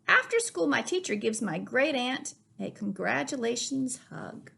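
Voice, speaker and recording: A woman reading a children's picture book aloud in an expressive read-aloud manner. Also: fairly high pitch, measured pace, creaky, few pauses, slightly rough. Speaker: reader. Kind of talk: storybook reading.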